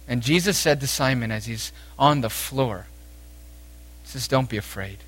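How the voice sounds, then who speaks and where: A man preaching a sermon, speaking with emphasis and moving between raised exhortation and quiet, intense passages. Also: medium pitch, unhurried.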